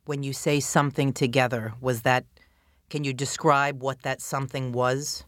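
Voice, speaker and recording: A woman prosecutor questioning a witness in court, with measured, probing questions. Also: rumbling low, fairly even intonation, fairly bright tone, dry recording, clean studio sound.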